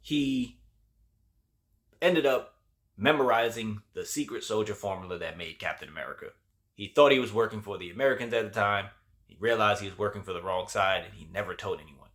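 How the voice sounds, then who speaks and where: A man's voice: on the low side, fairly quick, fairly bright tone. A man giving a casual spoken review of a TV show, loose and chatty with lots of slang and fillers.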